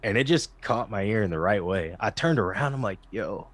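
A male musician guest chatting casually, excitable and slangy, with a heavy use of "like". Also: lowish voice, a little fast, dry recording. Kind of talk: casual chat.

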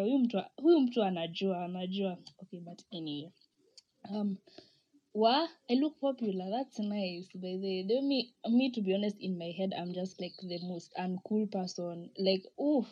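A young Kenyan-accented woman hosts a podcast, chatting casually while reading listener comments aloud, laughing often and sprinkling Swahili slang into her English. Her voice is medium-pitched and a little mellow, and the audio is lo-fi.

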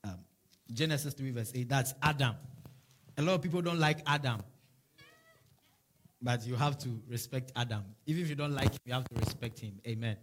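A man's voice: mid-range voice, fairly quick, pauses often. A man preaching a sermon as a pastor, with fervent, repeated declarations and prayers.

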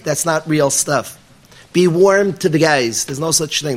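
An earnest man with a fairly high voice delivers a sermon to a live audience. He tells a story with emphatic, repeated phrases. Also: measured pace, a little hiss or hum. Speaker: rabbi teaching yeshiva students.

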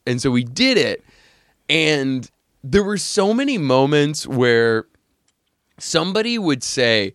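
A man hosting a podcast in casual chat, animated, laughing often and talking with many fillers. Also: medium pitch, a little slow, dry recording, studio quality. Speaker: podcast host.

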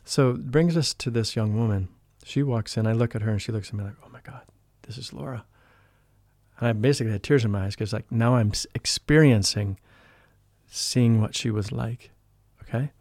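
A man talking as a guest in an interview, telling a personal spiritual story in an earnest, emotional way. He often drops into a hushed voice when he quotes people. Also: medium pitch, brisk, dry recording, clean studio sound. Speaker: podcast guest, spiritual life coach.

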